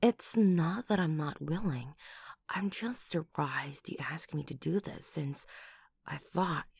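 Woman playing a murderous doting lover, whispered role-play, breathy whispers, sudden loud outbursts, gravelly, dry close sound. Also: low voice, takes it slowly, no room sound, exaggerated voice. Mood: doting worried.

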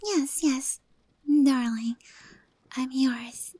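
A young woman voicing an affectionate, devoted cat girl in a whispered role-play, speaking softly and breathily with little meows. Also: high-pitched, drawn-out words, no echo, full character voice. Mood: adoring. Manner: soft, breathy, adoring, meows between lines.

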